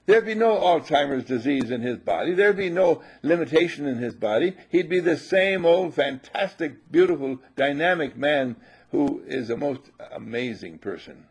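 An older man giving a sermon as a spiritual teacher, emphatic and animated, repeating his phrases and sometimes shouting. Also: fairly high pitch, moderate pace, husky.

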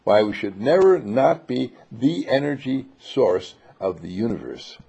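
A man giving an inspirational spiritual talk, animated and breaking into laughs, acting out the voices he quotes. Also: medium pitch, unhurried, creaky, breathy edge. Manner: laughs between phrases. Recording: dull lo-fi recording.

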